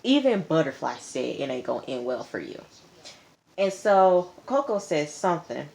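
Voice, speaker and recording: A woman's voice: low voice, sing-song, normal speed, vocal fry, a little mellow. A woman giving a casual vlog recap of a TV episode, retelling it dramatically and animatedly, repeating phrases for effect. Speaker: TV episode reviewer.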